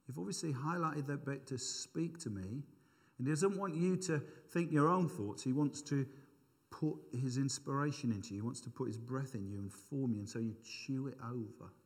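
Middle-aged male preacher, casual and self-mocking, mid pitch, long hall echo. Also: moderate pace. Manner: conversational, self-deprecating, thinks aloud with asides. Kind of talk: informal sermon.

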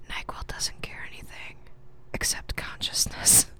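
A woman voicing a meddling, smothering older mother-in-law in a whispered role-play. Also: very slow. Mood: coaxing.

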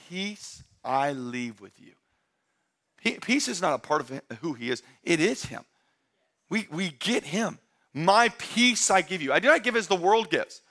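Male pastor, high-pitched and bright, animated sermon delivery. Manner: energetic, conversational preaching, swings from loud shouts to quiet asides.

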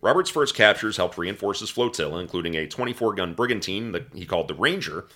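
Male podcast host, lower-pitched, bright and lively delivery, narrates history. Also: fast talker. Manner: animated storyteller, breaks into laughter and mock voices.

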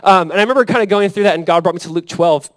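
A pastor in his thirties delivers a sermon in a loose, conversational style, often asking his listeners to agree. His voice sits fairly high for a man. The sound is close and dry, with no room echo. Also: very fast. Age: 30s. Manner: conversational, animated preaching with frequent "right?" and "Amen?".

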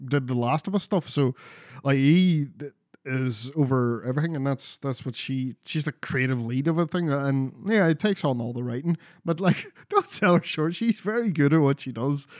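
A man's voice: medium pitch, normal speed, darkish tone, no echo, studio quality. A man chatting casually about video games as a podcast co-host, rambling and swearing freely. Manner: sweary, rambling, restarts a lot.

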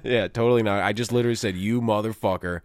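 A man with a low voice tells casual, profane stories in a laid-back way and laughs often. The sound is dry and close, with no room behind it. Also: fairly even intonation, fast talker, no room sound. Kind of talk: casual chat.

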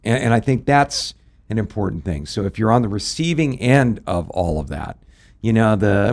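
Man pastor, middle-aged, folksy storyteller quoting scripture; fairly low voice. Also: animated, normal speed, darkish tone. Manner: folksy, anecdotal, quotes scripture. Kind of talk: radio ministry discussion.

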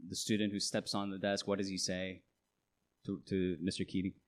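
Lower-voiced man preaching emphatically. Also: completely flat delivery, moderate pace, slight background noise. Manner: emphatic preaching with rhetorical questions. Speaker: pastor. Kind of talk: sermon.

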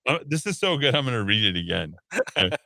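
A man's voice: medium pitch, sing-song, fast, gravelly, sharp tone, no room sound, clean studio sound. A man hosting a talk radio show, reading listener texts aloud with sarcastic jokes. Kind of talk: casual radio banter.

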